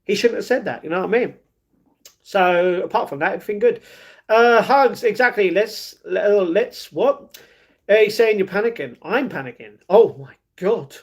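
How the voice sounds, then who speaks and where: A man's voice: high voice, lively intonation, moderate pace. A young man with a London accent hosting a casual livestream, reading viewers' comments aloud and answering them in a chatty way. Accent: London English. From England. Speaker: livestream host reading chat. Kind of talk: casual live chat.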